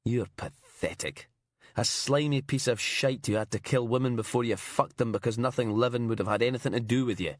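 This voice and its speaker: A man's voice: medium pitch, fairly quick, no echo, clean studio sound, natural voice. A man voicing a detective sergeant who is curt, sweary and contemptuous. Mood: hostile. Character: angry male detective sergeant, blunt and sweary.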